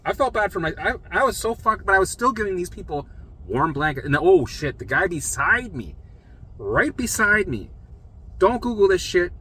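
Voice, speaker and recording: A man's voice: high voice, sing-song, moderate pace, pushed and bright, slightly rough. A young man casually telling a personal story in a blunt way, swearing freely and acting out other people's lines. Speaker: storyteller sharing his recovery.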